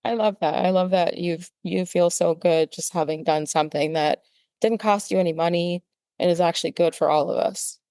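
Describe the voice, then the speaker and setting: A woman co-hosting a podcast with a smooth, clear voice that sits a little low. She speaks in a measured, gently teasing way. The recording is close and dry. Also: dry recording. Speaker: podcast co-host. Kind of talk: casual chat.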